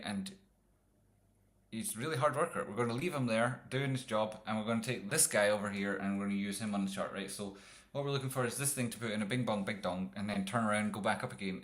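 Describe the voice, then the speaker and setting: A man's voice: lowish voice, a bit bright. A man streaming live chart analysis, rambling and jokey with some profanity. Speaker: trading streamer.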